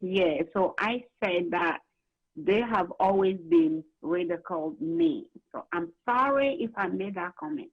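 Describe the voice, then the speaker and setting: A woman's voice: medium pitch, animated, a little slow, creaky, husky. A woman calling into a radio show, speaking hesitantly and apologetically. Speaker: caller. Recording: muffled phone line.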